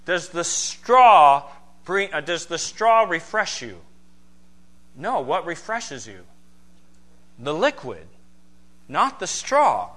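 A man preaching a sermon, emphatic, asking rhetorical questions and swinging between loud stresses and quiet asides. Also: a little high, big pitch swings, slow pace, long pauses. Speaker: pastor.

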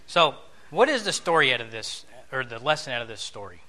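Bright-voiced man telling a sermon story. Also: medium pitch, very animated, fairly quick, a little hiss or hum. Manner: conversational, asks the listeners questions, acts out dialogue.

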